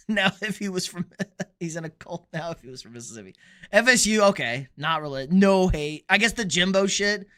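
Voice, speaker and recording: A man's voice: high voice, animated, pushed and bright. A young man from Texas with a Texan accent, hosting a casual sports livestream and bluntly answering viewer comments with jokes. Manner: blunt, joking, opinionated, quick asides.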